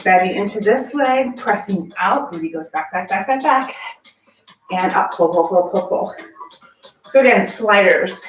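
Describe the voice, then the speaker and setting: A winded woman teaching a barre class at an unhurried pace, counting reps and calling out short encouraging cues. She is picked up from some distance in an echoey room, with faint music playing behind her. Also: medium pitch, animated, slight background noise. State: out of breath from exercising. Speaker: barre fitness instructor. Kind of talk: guided workout class cueing.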